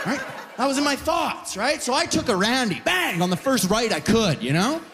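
A man performing a stand-up set on stage, telling stories in an animated way, putting on lots of voices and ending lines with "right?". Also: very high-pitched, moderate pace, a loud crowd, very noisy. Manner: animated storytelling with many voices and frequent "right?" tags. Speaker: stand-up comedian.

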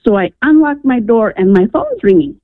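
Fairly high and sing-song, a woman's voice carries a personal story to a radio show at a moderate pace, sincere and punctuated by many ums. She's calling from New Mexico over a tinny, dry phone line with no room sound.

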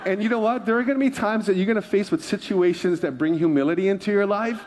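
A man's voice: sits high, fast talker, darkish tone, long reverb tail, slight background noise. Humorous, chatty male pastor preaching. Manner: conversational and humorous, with asides to the congregation. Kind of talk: sermon.

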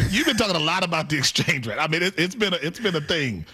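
A man's voice: a little high, big pitch swings, fast, bright, forceful tone, slightly rough. A man co-hosting a radio talk show, teasing his partner playfully and laughing often. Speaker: radio co-host. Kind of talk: casual call-in banter.

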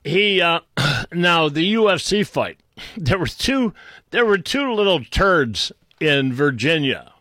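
Speaking slowly with big pitch swings, a Boston-accented political commentator unloads an off-the-cuff tirade full of sarcasm and insults, often starting over and clearing his throat. He has a bright, forceful voice pitched somewhat above the typical male range, captured dry and close with no echo.

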